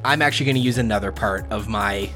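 A man's voice: on the low side, fast talker, bright, forceful tone, faint music behind. A man playing in a tabletop role-playing game, eager and rambling as he describes his character's moves. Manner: eager, rambling, laughs easily. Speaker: player.

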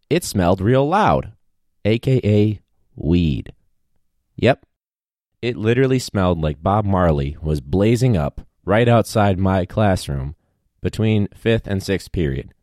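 A man with a fairly low voice talks in a loose, wry way about his days as a teacher, dropping swear words freely. The sound is dry, with no room around it. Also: darkish tone, dry recording. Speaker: high school teacher. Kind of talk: casual vlog monologue.

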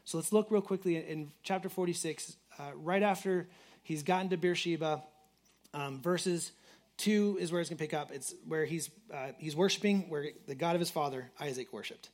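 Pastor, male, slightly high voice, casual earnest sermon delivery full of restarts. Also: normal speed. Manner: earnest, repeats words and says "like" often. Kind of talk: conversational sermon.

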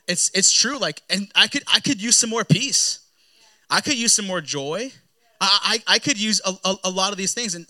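A man preaching to his congregation in a loose, talky style, his voice sitting fairly high for a man. He stumbles over and repeats words as he goes, and slips into acted-out prayers mid-thought. It sounds like a father speaking plainly rather than reading a script. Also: pushed and bright. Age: young adult to middle-aged, a father. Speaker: pastor. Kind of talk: sermon.

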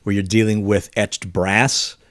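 A man hosting a casual podcast, reading listener mail in a relaxed way with casual swearing. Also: on the low side, measured pace, no room sound, studio quality. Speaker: podcast host.

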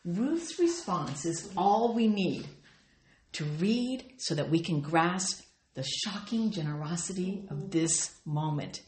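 A woman's voice: lowish voice, slow pace, echoey room. A woman teaching a Bible study, earnestly reading and explaining scripture with feeling. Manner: earnest and expressive, reads scripture aloud with feeling.

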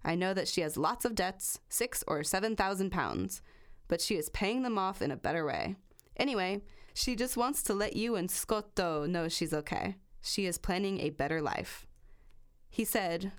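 A woman hosting a true crime podcast, reading a long passage aloud and then chatting casually, swearing freely. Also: on the low side. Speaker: podcast host.

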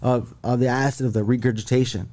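Rambling, profane man with a dark voice. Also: mid-range voice, fairly even intonation, fast, a little hiss or hum. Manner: rambling, profane, many restarts. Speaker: podcast guest. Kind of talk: casual chat.

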